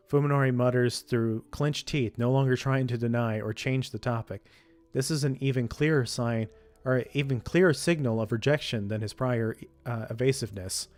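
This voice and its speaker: A man reading a visual novel's story text aloud, steady with frequent slips and self-corrections. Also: mid-range voice. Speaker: let's play streamer reading a visual novel.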